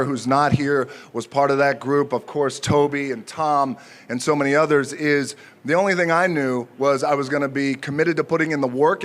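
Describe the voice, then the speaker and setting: Man giving a halting, jokey speech. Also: fairly high pitch, fairly bright tone. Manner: jokey, halting, speaks from the heart with many fillers. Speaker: honoree giving an acceptance speech. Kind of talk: unscripted ceremony speech. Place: outdoor ceremony before a crowd.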